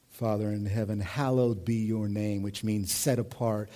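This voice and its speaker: A male pastor in his thirties preaching a sermon in an animated, conversational way, moving between hushed and loud. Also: on the low side, normal speed, hardly any pauses.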